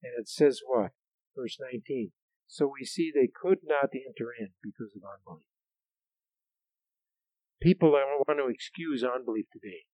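A male pastor preaching a Sunday night sermon, loud for scripture readings and quieter in asides. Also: mid-range voice, moderate pace, pauses often, no echo, poor audio.

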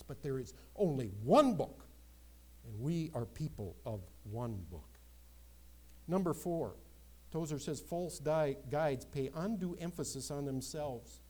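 A man preaching a sermon, swinging between loud emphatic exclamations and quieter asides. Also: fairly high pitch, low-quality recording. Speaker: pastor.

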